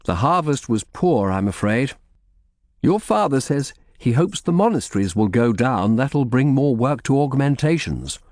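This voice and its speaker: A shrewd, commanding middle-aged lawyer, voiced by a man, pressing his questions firmly. The pitch sits higher than a plain narration and moves in lively swings. The sound is dry and close. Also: a little slow, dry recording. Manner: firm, probing questions.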